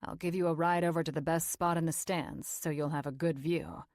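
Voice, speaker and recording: A woman voicing a confident, teasing young man who coaxes gently, in a lowered, softer voice. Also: steady tone, fairly quick, no echo, studio quality, close to an everyday voice. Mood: coaxing. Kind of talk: audiobook character voice.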